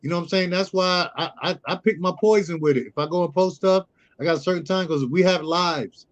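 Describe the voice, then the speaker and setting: High-voiced middle-aged man telling stories. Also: fairly quick, highs cut off. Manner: storytelling, acts out quoted dialogue. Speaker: guest, youth mentor. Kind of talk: casual conversational interview.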